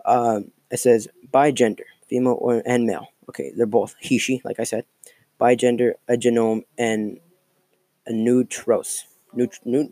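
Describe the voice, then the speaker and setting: A man's voice: mid-range voice, fairly even intonation, moderate pace, warm tone, dry recording. A man hosting a casual solo podcast, rambling and mocking with a lot of profanity and fillers. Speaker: podcast host.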